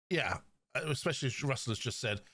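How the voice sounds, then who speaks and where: A man with a Cornish accent co-hosting a podcast, chatting through a race weekend with fillers and quick explanations. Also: medium pitch, fairly bright tone, breathy edge. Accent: Cornish English. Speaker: podcast co-host. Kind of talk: casual race recap chat.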